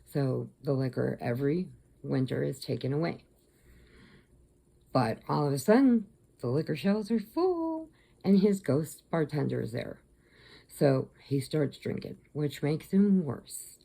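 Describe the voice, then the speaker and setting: A woman's voice: low voice, expressive, a little slow, gravelly, warm tone. A woman crochet vlogger chatting to camera at home, retelling a story in a rambling, chatty way with restarts.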